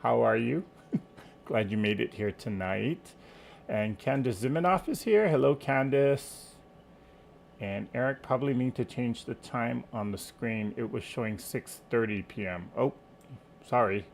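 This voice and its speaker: A man's voice: mid-range voice, measured pace, vocal fry, slight background noise. A man hosting a quilting live stream from home, chatting casually, greeting viewers by name and sometimes losing his train of thought. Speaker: quilting livestream host.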